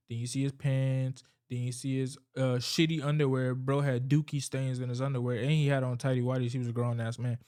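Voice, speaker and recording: Recapping the plot of a horror movie, a man rambles through the story loosely and profanely, swearing at will. His voice is mid-range with a clean tone.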